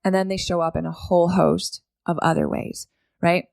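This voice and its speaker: A woman's voice: lowish voice, level tone, normal speed, vocal fry, a little mellow, dry recording, studio quality. A woman hosting a solo podcast, talking casually and often asking "right?" to keep the listener with her. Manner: conversational, keeps asking "right?". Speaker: podcast host.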